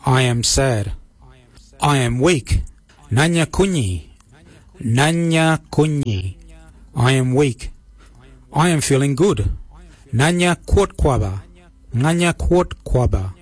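A man teaching words and sentences on a radio language lesson, repeating each phrase slowly and carefully. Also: medium pitch, lively intonation, a little mellow, husky, no echo. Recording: radio broadcast with faint music.

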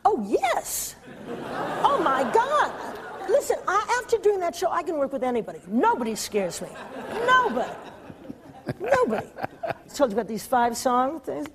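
A woman being interviewed, telling a lively anecdote, often laughing and acting out the voices she quotes. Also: high voice, normal speed, over a noisy crowd. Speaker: interview guest. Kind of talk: storytelling anecdote.

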